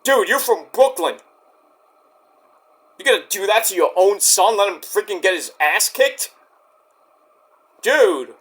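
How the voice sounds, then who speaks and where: Male wrestling reviewer, high and bright voice, excitable and profane recap delivery. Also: slow pace, pauses often, husky. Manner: excitable, profane, storytelling rant. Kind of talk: casual recap commentary.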